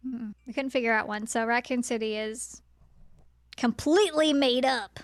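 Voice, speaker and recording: A woman's voice: fairly high pitch, moderate pace, no echo, studio quality. A woman co-hosting a podcast, chatty and self-deprecating, with hesitant fillers. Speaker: podcast co-host. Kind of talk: casual chat.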